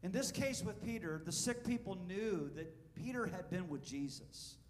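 Animated preacher man in an echoing hall. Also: high voice, slight background noise. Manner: animated, asks the congregation questions. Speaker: pastor. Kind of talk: sermon with storytelling. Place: church sanctuary.

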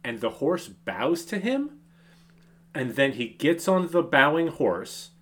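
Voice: mid-range voice, big pitch swings, takes it slowly, fairly bright tone. A podcast co-host recapping a movie in incredulous, swearing casual chat.

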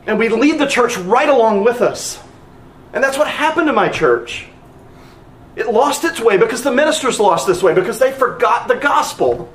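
High, lively-voiced pastor preaching. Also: male voice, normal speed, roomy sound. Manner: earnest preaching with emphatic repetition. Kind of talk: sermon.

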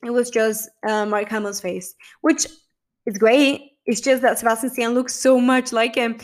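A woman's voice: fairly high pitch, normal speed. Gushing, swearing young woman. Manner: gushing, emotional, swears freely, quotes people in animated voices. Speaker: vlogger reviewing a TV episode. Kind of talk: casual chat.

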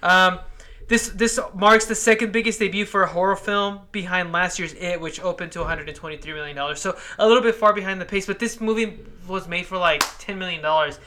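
A young man co-hosting a casual podcast, quick to agree and chime in, reading out figures between jokes. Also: sits high, steady tone, bright, forceful tone. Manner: eager, agreeable, quick to jump in with "yeah". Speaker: podcast co-host. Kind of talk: casual chat.

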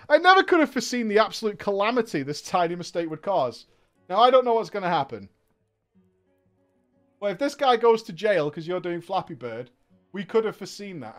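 A man streaming, reading a story aloud in a casual way and breaking off for laughing, profane asides. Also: sits high. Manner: lively reading broken by laughs, swearing and mocking asides.

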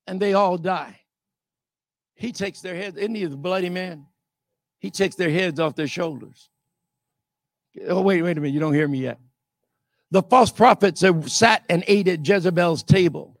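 A man preaching a sermon, emphatic and often shouting, calling out rhetorical questions to the congregation. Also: sits high, lively intonation, moderate pace, pauses often, dry recording, clean studio sound.

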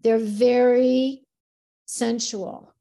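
Mellow-voiced woman, lively storyteller. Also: a little high, extremely slow, gravelly. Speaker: guest, dance teacher. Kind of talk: casual podcast conversation.

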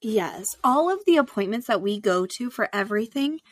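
Relaxed woman in podcast chat. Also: medium pitch, moderate pace, no room sound. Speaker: mother of a child with a heart condition. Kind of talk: casual podcast conversation.

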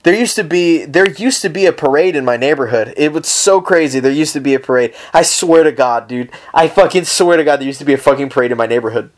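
A man's voice: fairly high pitch, fast talker, few pauses. A young man hosting a casual solo podcast, rambling through stories with heavy swearing and frequent laughter. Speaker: podcast host.

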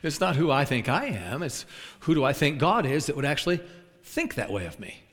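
Preaching in a large, reverberant church sanctuary, a traveling preacher talks fairly quickly in a fairly high-pitched voice. He livens his sermon with funny stories, plays out the scenes and chuckles at them himself.

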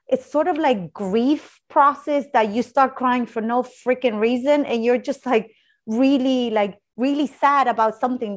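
A woman hosting a casual conversation who chats freely, laughs often and retells little stories with quoted dialogue. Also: a little high. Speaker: host, coach with clients.

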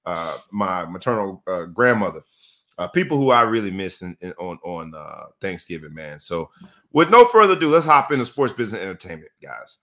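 A man hosting a casual sports talk show, emphatic and animated, repeating phrases for effect. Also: low voice, brisk.

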